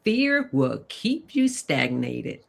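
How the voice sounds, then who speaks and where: Woman, panel guest, slow, lively pitch, measured reading. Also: gravelly. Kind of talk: reading comments aloud.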